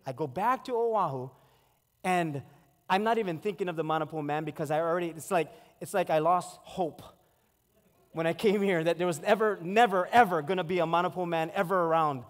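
Pastor, 40s, storytelling sermon, high pitch, reverberant sanctuary. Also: male voice, fairly quick. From Hawaii. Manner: storytelling, animated acted-out quotes. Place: church sanctuary. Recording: long hall reverb.

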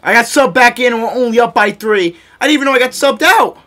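A young man with a high, light voice narrates his basketball video game as he plays it. He is excitable and yells at the big plays. He scolds his teammates and pokes fun at his own mistakes. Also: quick pace. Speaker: gaming YouTuber. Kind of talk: live gameplay commentary.

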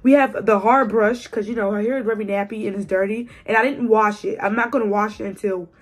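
A young woman in her twenties chatting casually to camera as a beauty vlogger, her voice raspy from a cold, playful and teasing. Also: medium pitch, steady tone, a little fast. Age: 20s. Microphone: phone camera.

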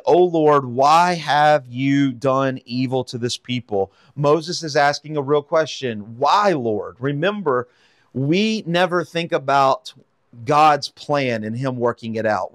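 A man's voice: mid-range voice, no echo, studio quality. A man teaching through a Bible passage, reading verses aloud and explaining them in a casual, conversational way with frequent fillers and rhetorical questions. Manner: reads scripture then explains it conversationally, with fillers and rhetorical "right?". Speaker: pastor teaching a Bible study.

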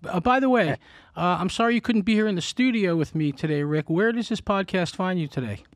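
A man's voice: sits high, a little fast, no echo, studio quality. A man hosting a podcast interview, wrapping it up with effusive praise for his guest. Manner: effusive, flattering. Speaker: podcast host. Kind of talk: interview wrap-up.

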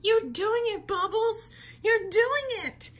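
A woman's voice: fairly high pitch, expressive, takes it slowly, pushed and bright, full character voice. A woman playing a caring, motherly girl superhero who encourages her little sister, in a fan role-play. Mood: excited, proud.

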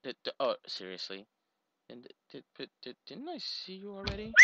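A man giving rambling, exasperated commentary while video chatting, bursting into loud yelps now and then. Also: fairly high pitch, sing-song, a little fast, very noisy. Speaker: video creator. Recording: dull lo-fi recording.

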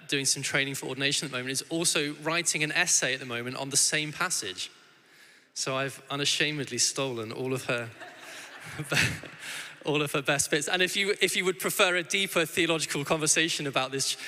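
A man in his thirties giving a sermon as a guest preacher, telling family stories in a loose, conversational way with many restarts. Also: fairly high pitch. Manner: warm conversational storytelling with frequent restarts. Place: church hall. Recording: church hall with long reverb.

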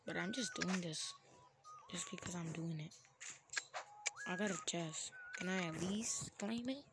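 A woman giving casual gameplay commentary as a streamer, full of playful slangy trash talk and excitable outbursts. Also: on the low side, unhurried, loud music behind the voice. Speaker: gaming streamer. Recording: loud background noise.

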